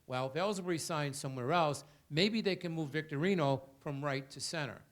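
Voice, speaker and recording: A man's voice: a little high, moderate pace. A man on a panel analyzing baseball, firing off rhetorical questions in an argumentative way. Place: hotel event room.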